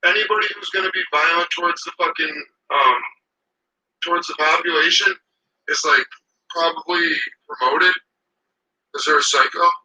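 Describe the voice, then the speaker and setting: A man's voice: a little high, moderate pace, pauses often, pushed and bright, breathy edge, low-quality recording. A man ranting casually to camera outdoors. He swears a lot and rambles heatedly.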